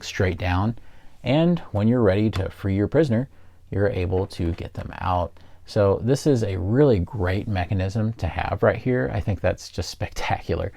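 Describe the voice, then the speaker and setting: A man's voice: deep voice, vocal fry, a little mellow, no room sound, studio quality. A man giving a casual, enthusiastic toy review, chuckling often as he demonstrates.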